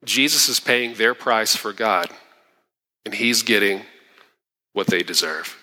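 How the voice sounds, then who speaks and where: Man, pastor, sermon, earnest, animated, bright forceful tone, reverberant sanctuary. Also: lowish voice, takes it slowly. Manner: earnest, animated preaching with acted-out quotes. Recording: long hall reverb.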